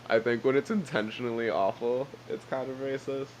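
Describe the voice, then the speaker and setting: A man's voice: mid-range voice, fairly even intonation, brisk, slight background noise, low-quality recording. A young man co-hosting a casual podcast, jokey and rambling, laughing often. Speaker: podcast co-host. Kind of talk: casual chat.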